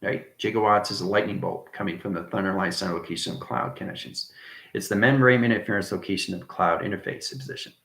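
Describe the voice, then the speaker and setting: A man's voice: low voice, fast talker, vocal fry, a bit bright, echoey room. A man hosting a livestream, talking in a rambling monologue full of repeated jargon and frequent "right?" checks to his viewers. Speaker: livestream host.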